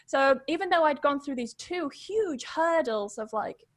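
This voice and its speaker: High-voiced chatty young Englishwoman. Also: animated, no echo, clean studio sound. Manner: chatty, quick, laughs often. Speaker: podcast guest, English pronunciation teacher. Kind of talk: casual storytelling interview.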